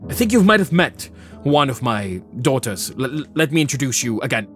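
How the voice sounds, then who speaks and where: A man's voice: medium pitch, big pitch swings, brisk, soft background music, lightly acted. A man doing a genial, proud king. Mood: welcoming. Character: hospitable middle-aged king, genial and proud.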